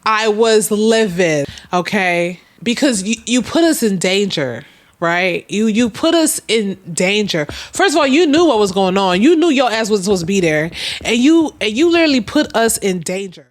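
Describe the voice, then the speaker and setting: A young woman, telling a story casually and animatedly, swearing and acting out quoted lines. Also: normal speed. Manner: animated, swearing, acts out quoted dialogue with big pitch jumps. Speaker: storytime vlogger.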